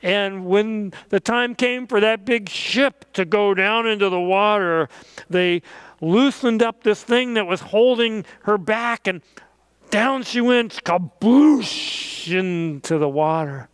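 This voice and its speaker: A pastor telling a children's message story and ending in prayer, gentle and animated with playful sound effects. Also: male voice, high-pitched, slow pace, clean tone, no echo.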